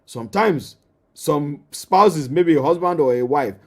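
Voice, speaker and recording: A man's voice: a little high, lively intonation, measured pace. A man with a Nigerian accent, a marriage counselor giving an emphatic teaching that addresses the listener directly and repeats key phrases.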